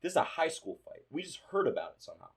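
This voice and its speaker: A man's voice: a little high, sing-song, racing, vocal fry, slightly rough. A young man co-hosting a podcast, telling profane stories from his school days in casual chat and acting out the voices of people in them. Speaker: podcast co-host. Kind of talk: casual storytelling.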